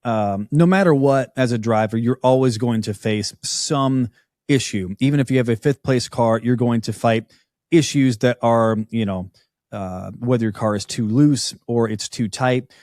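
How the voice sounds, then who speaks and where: A man's voice: mid-range voice, normal speed, a little mellow, no room sound, clean studio sound. Easygoing male podcast host. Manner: easygoing, laughs easily, swears casually. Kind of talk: casual interview chat.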